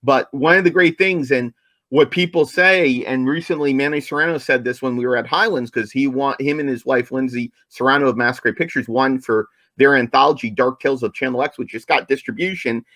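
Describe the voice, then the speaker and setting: A man co-hosting a casual podcast, talking with eager energy and hammering his points home by repeating them. His voice sits in a middle pitch. The sound is dry and close, with no room echo. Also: brisk, pushed and bright. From New Jersey, USA. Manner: enthusiastic, repeats points for emphasis. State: coughing, apologizes for it. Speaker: podcast co-host.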